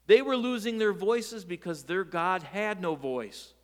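A man preaching a sermon, telling the story in a lively way with rhetorical questions and light jokes. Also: high voice, measured pace, long reverb tail. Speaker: pastor.

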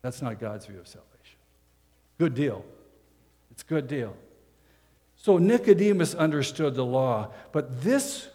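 A man's voice: mid-range voice, sing-song, unhurried, pauses often, warm tone. A man preaching a sermon as pastor, in a conversational style that leans on rhetorical questions. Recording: long hall reverb.

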